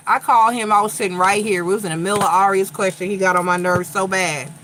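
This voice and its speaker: A tarot reader from Long Island, New York, speaks with a Long Island accent that has a slight Southern tinge, chatting bluntly and with profanity during a casual livestream. Her medium-pitched voice is steady, and she talks fast over background noise.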